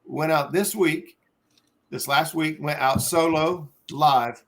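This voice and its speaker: Gravelly Ohio man rambling on a live stream. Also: fairly high pitch, slow pace, a bit bright. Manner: rambling, hesitant, lots of fillers. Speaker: host. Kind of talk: casual chat on a live stream.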